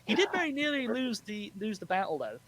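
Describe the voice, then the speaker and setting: A man's voice: high-pitched, huge pitch swings, brisk, a bit bright, rough recording. Man casually explaining history. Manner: laughs often, history explainer. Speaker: podcast host. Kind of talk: casual storytelling chat.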